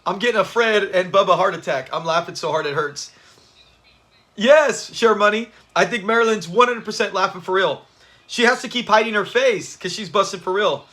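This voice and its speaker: A man's voice: high-pitched, normal speed, bright, forceful tone. A man hosting a casual livestream watch party, chatty and laughing often as he talks to his viewers. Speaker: channel host.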